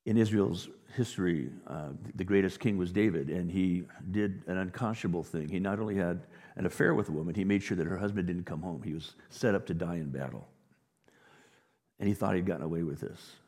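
A male pastor delivering a sermon, with dynamic delivery that swings from near whispers to loud, emphatic peaks. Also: low voice, fairly quick. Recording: long reverb of a large hall.

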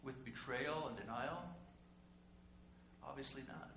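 A male pastor preaching a sermon conversationally, asking rhetorical questions and swinging between loud and quiet. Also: mid-range voice, unhurried, vocal fry. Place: church sanctuary. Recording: echoey room with faint hum.

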